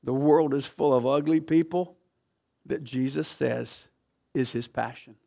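A man preaching a sermon as pastor, telling a story with passion, swinging from loud to hushed. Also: mid-range voice, steady tone, measured pace, vocal fry. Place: church sanctuary.

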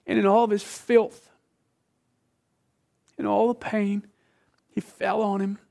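A man preaching a sermon with emphasis, dropping from loud phrases to hushed whispers and asking the listeners questions like a teacher. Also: sits high, flat delivery, slow, creaky.

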